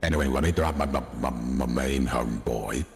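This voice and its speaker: A man using a voice changer to play a gruff, gravelly man who sounds like a chain smoker, talking loud and drawling. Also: very deep voice, a little fast, over music, voice pushed down.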